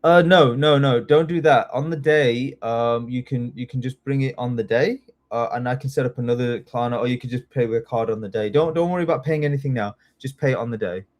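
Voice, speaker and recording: Chatty, excitable male tutor. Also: medium pitch, a little fast, few pauses. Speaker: citizenship test tutor. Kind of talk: live online class.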